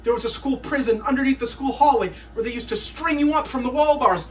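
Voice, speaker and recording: A woman's voice: high-pitched, quick pace, few pauses, recorded from a distance, a little hiss or hum. A woman performing a comic recital of poems in a mock-stern, theatrical teacher's tone.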